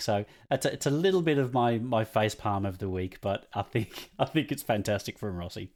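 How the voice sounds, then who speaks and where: A man's voice: on the low side, moderate pace, few pauses, darkish tone. Chatty podcast co-host man. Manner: chatty, laughs easily. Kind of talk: casual chat.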